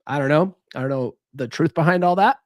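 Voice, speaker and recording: A man's voice: fairly high pitch, fairly quick, dry recording, studio quality. A man hosting a podcast as a relationship coach, talking in a rambling casual monologue, swearing and breaking off his own sentences. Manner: rambling, profane, self-interrupting.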